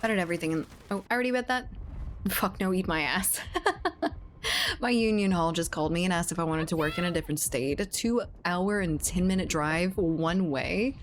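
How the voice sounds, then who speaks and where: A woman's voice: on the low side, normal speed, slight background noise. A young woman streamer chatting casually and profanely during a gaming livestream, reading chat aloud.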